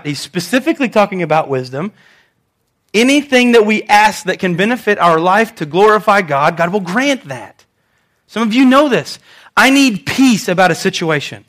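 A man's voice: sits high, sing-song, normal speed, fairly bright tone. A young man, a pastor, preaching a conversational sermon in church and telling stories with animation.

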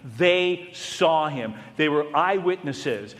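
Pastor, male, fairly high voice, sermon style, dramatic loud-to-hushed swings, long hall echo. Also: animated, slow, hardly any pauses. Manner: storytelling with repeated lists and rhetorical questions.

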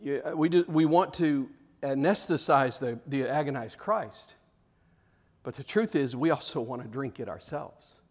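A man preaching a sermon and telling a story, repeating words as he goes, dropping to hushed low passages and rising to loud shouted peaks. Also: lively intonation, unhurried, in a large hall. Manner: repeats words and restarts often.

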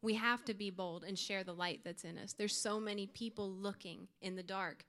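A woman's voice: mid-range voice, fairly even intonation, moderate pace, a bit bright. A young woman giving an earnest, informal youth sermon to her church group, with light laughs. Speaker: youth speaker.

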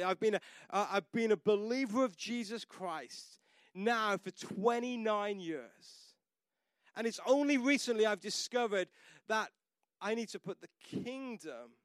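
High-voiced male pastor preaching. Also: no room sound, clean studio sound. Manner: storytelling, rising to emphatic declarations. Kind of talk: sermon.

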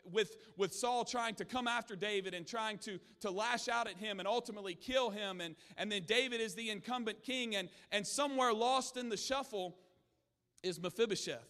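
A man's voice: sits high, moderate pace, sharp tone, in a large hall. A man preaching a sermon in a church, telling stories earnestly with frequent restarts. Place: church sanctuary.

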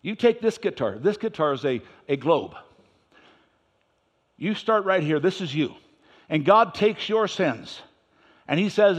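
A man preaching a sermon in church, swinging between loud emphasis and quiet asides. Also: fairly high pitch, animated, unhurried, pauses often, lo-fi sound. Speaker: pastor.

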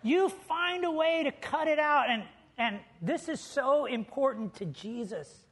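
A man's voice: extremely high pitch, a little slow. A man preaching a sermon as pastor, telling stories with humor and building to emphatic points. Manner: lively storytelling preacher with humor.

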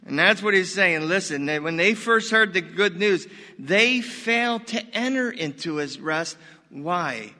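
A pastor in his sixties preaching a sermon in an animated, folksy way with sudden loud bursts. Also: sits high, a little slow, big-room sound.

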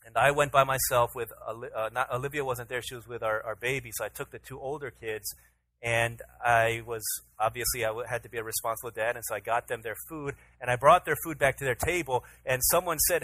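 A man in his thirties, a pastor, telling a lively family story in a sermon and acting out his side of it. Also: medium pitch, a little fast, poor audio. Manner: storytelling, acts out his own pleading voice to his toddler.

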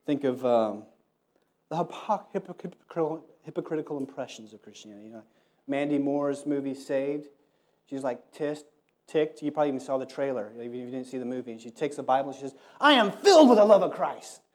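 A man's voice: medium pitch, fairly even intonation, a little fast, warm tone. A man preaching a sermon in a conversational way, telling stories and acting out the voices of people he quotes. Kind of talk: sermon with storytelling.

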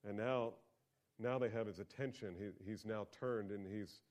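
A man preaching a sermon as pastor, talking conversationally and swinging from quiet asides to loud, emphatic peaks. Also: on the low side, fairly even intonation, moderate pace.

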